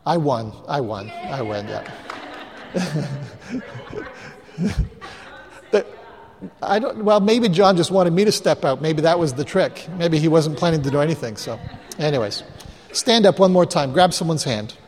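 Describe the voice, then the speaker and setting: A man, a pastor, tells stories from the pulpit in a chatty, self-mocking way, tossing in quick asides to the congregation. His voice sits a touch high for a man. It is a live recording in a large hall, with a long reverb ringing after each phrase. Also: lively intonation. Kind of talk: storytelling sermon to a live congregation.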